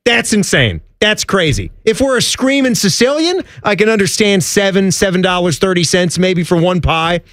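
A man's voice: high voice, big pitch swings, a bit bright, no echo, clean studio sound. A man hosting a sports talk show, chatty and teasing in casual banter. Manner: chatty, teasing, quick asides. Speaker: host.

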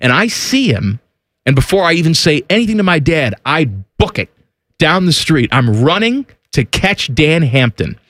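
A man hosts a radio show from a studio, spinning a story with a lively rise and fall in his voice. He acts out the people he quotes. The sound is close and dry. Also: on the high side, moderate pace, dry recording. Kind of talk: casual storytelling chat. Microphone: studio microphone.

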